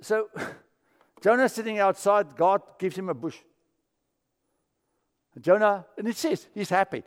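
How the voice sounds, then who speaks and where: A man's voice: high voice, unhurried, long pauses, long reverb tail. A man from Africa, preaching a sermon as pastor and telling stories. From South Africa. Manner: storytelling, acts out quoted voices.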